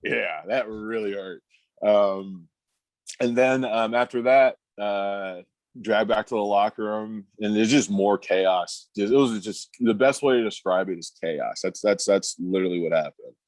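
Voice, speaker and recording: A man's voice: fairly low pitch, no room sound. Laid-back storytelling man, dry close mic. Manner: relaxed, halting, laughing storyteller. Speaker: guest, former pro basketball player. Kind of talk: casual storytelling on a podcast.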